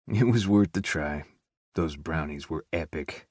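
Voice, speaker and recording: A man narrating a romance audiobook in the first person, measured and restrained. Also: extremely low pitch, darkish tone, dry recording, studio quality.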